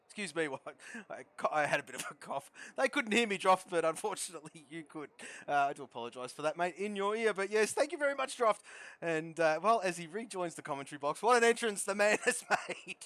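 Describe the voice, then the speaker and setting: Excitable high-voiced male race commentator. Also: a little fast, no echo. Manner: shouts with excitement at big moments, laughs at his own jokes. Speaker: sim racing league commentator.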